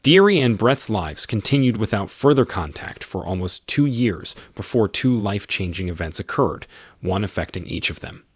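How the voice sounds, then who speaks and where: A man reading a scripted romance story as narrator, in an even, measured way. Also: lowish voice, breathy edge, no echo, studio quality.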